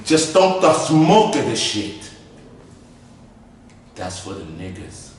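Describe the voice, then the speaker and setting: A man voicing a big, stern adult uncle who shouts furiously. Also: medium pitch, very animated, takes it slowly, heavy reverb, far from the mic.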